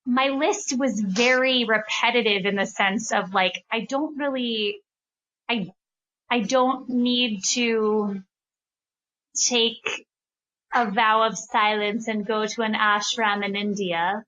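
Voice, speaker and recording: A woman in her thirties chatting as a podcast co-host, her voice bright and a touch high. She rambles with plenty of fillers and laughs easily. Her tone is loose and relaxed. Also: takes it slowly, lo-fi sound. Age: 30s. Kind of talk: casual chat.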